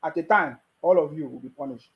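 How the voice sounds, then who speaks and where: A man's voice: on the high side, fast, vocal fry, a bit bright, poor audio. A man with a Nigerian accent giving a mocking, scolding political rant with frequent restarts. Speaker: political commentator. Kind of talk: ranting video commentary.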